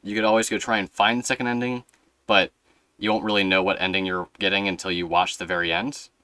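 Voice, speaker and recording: A low-voiced young man with a bright, forceful tone talks through a casual podcast conversation. His storytelling rambles and runs on fillers, and the sound is dry and close. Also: level tone, fast, smooth, dry recording. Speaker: podcast host.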